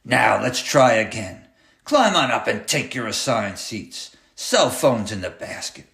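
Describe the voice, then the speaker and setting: A man's voice: lowish voice, very animated, a little slow, creaky, a bit bright, full character voice. A man voicing a cruel, taunting male clown who drives a school bus, barking orders in a sneering way. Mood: menacing. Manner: sneering, bossy, barking threats. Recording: roomy echoey room.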